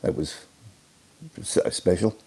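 A man speaking in a halting, heartfelt way in an interview. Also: a little mellow. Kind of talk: reflective interview.

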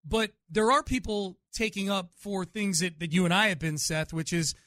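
A man's voice: sits high, moderate pace, fairly bright tone. A man hosting a sports radio show who runs the conversation by asking questions and moving to new topics. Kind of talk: casual sports talk.

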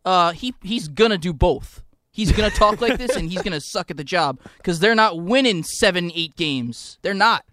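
A man's voice: high-pitched, lively intonation, moderate pace, noisy background. A man co-hosting a sports talk radio show, blunt and skeptical, with a sarcastic edge. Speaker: radio co-host.

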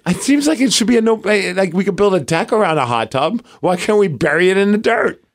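A man co-hosting a podcast rambles through ideas and jokes at his own expense. His voice sits a bit high and swings widely in pitch, with a gravelly rasp. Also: expressive, fairly quick. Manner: rambling, self-deprecating. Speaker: podcast co-host. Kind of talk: casual chat.

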